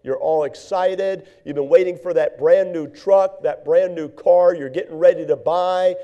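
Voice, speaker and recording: A man's voice: high-pitched, fairly even intonation, measured pace, dark tone, dull audio. A man preaching a sermon to his church, building up with repeated phrases. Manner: repetitive preaching cadence, rising in fervor. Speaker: pastor.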